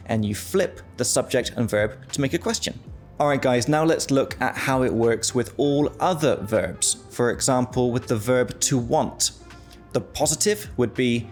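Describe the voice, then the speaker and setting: A man teaching an online English grammar lesson, upbeat and slowing right down to model each example sentence. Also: mid-range voice.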